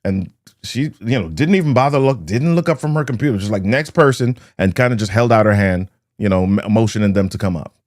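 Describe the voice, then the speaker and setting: Fast and with hardly any pauses, a man with a fairly low, slightly mellow voice hosts a leadership talk show. In this motivational talk he tells stories, acting out the scenes through sound words.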